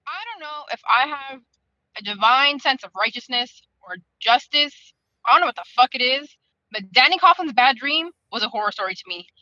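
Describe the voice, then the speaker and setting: A woman's voice: sits high, expressive, normal speed, sharp tone, no room sound, lo-fi sound. A woman in a casual book club chat on a video call, venting in a heated, profane, rambling way.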